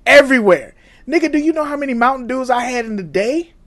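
A middle-aged man co-hosting a casual chat, telling stories in a profane, animated way with frequent laughs. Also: extremely high pitch, fast talker. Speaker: podcast co-host.

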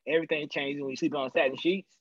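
A man co-hosting a casual chat show, asking lots of questions in a lively way with halting restarts. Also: a little high, no room sound, highs cut off. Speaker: podcast co-host.

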